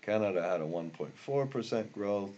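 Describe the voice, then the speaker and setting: An older man teaching a software tutorial while recording his screen, rambling and grumbling about bugs as he works. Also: lowish voice, lively intonation, moderate pace, dull audio. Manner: rambling, easily frustrated, grumbling asides. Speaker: instructor.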